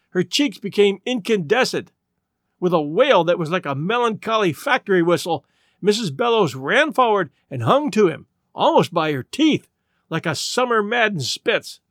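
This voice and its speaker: A man reading a story aloud with an expressive, dramatic delivery. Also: high-pitched, dry recording, clean studio sound. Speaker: narrator.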